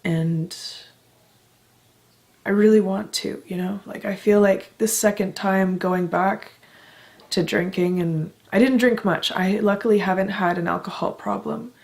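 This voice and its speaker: A woman's voice: mid-range voice, steady tone, measured pace, gravelly, darkish tone. A young woman from Canada talking candidly in a personal vlog, emotional and heartfelt, swearing casually as she speaks. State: emotional, close to tears. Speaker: vlogger.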